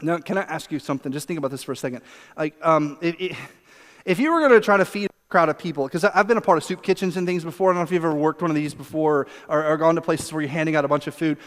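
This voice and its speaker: High-voiced pastor in a reverberant sanctuary. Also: male voice, quick pace. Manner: conversational and animated, laughing often, acting out quotes. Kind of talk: sermon. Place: church sanctuary. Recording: long reverb of a church hall.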